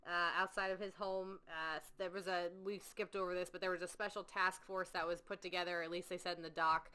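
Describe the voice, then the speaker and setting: A woman's voice: fairly low pitch, flat delivery, brisk, sharp tone. A woman co-hosting a podcast in casual true-crime chat, talkative, swearing freely and acting out quotes. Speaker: podcast co-host.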